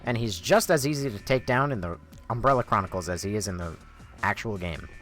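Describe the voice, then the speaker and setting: A man's voice: lowish voice, brisk, faint music behind. A man chatting and joking as he plays a video game and reads chat. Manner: animated, jokey, chatty. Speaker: game streamer. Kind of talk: casual gameplay commentary.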